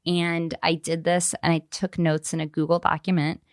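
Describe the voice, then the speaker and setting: A woman's voice: deep voice, moderate pace, no room sound, studio quality. A woman in her thirties, an author guest on a podcast, speaking candidly and animatedly with frequent fillers. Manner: animated, acts out quoted voices, frequent fillers.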